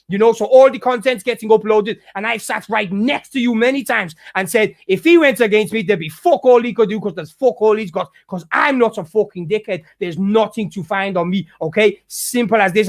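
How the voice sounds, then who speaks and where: A man's voice: high-pitched, a little fast, hardly any pauses, dry recording, studio quality. A man ranting heatedly at a rival YouTuber, swearing often and restarting his sentences. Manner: heated, profane, repetitive restarts. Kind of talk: angry ranting vlog.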